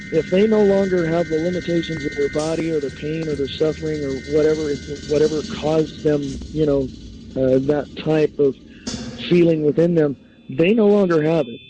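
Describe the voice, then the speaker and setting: A man's voice: fairly high pitch, low-quality recording. A man acting as a psychic medium on a call-in radio show, hesitant, with many fillers and restarts.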